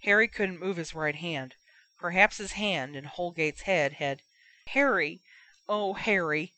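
A woman reading a fan fiction story aloud in a measured narration. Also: fairly low pitch, bright, forceful tone. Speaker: audiobook reader.

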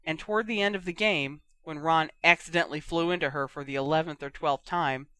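Bright, crisp fan fiction reader. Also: medium pitch, no room sound. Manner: lively, voices the characters. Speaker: audiobook reader. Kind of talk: fan fiction read aloud.

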